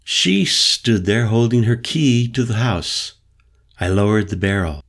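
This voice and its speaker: A male audiobook narrator telling a first-person story in a measured, deliberate way. His voice sits low and he takes his time over every line. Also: animated, a bit bright.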